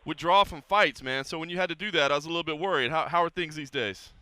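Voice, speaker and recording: A man hosting a casual podcast, upbeat and animated, with frequent "uh" fillers. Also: fairly high pitch, quick pace. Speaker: podcast host.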